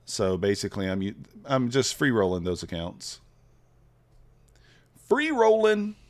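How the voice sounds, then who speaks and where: Here a man with a voice that sits low talks at a moderate pace. He's trading futures live on stream, casually thinking out loud and chatting easily with his viewers.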